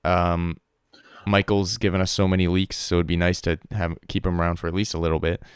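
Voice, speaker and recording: A young man co-hosting a podcast, chatting casually about esports news with lots of laughing and squeaky impressions of players. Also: little pitch movement, a little fast, clear, resonant tone, no room sound, studio quality. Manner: laughing, mimics players in high squeaky voices. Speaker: podcast co-host.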